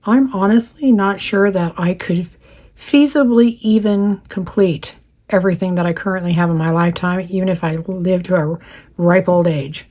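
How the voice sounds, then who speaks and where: There's a lowish, slightly worn warmth to this woman's voice, a craft channel host in her fifties who chats at a moderate pace while stitching. She goes through viewer comments in a casual vlog, mellow and friendly, laughing often.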